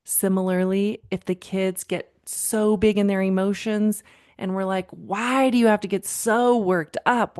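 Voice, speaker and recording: Unhurried and fairly even in intonation, her medium-pitched voice has a darkish tone. She's a thirty-something counselor hosting a parenting podcast, speaking warmly to the listener, whom she calls "friend," while relating client conversations.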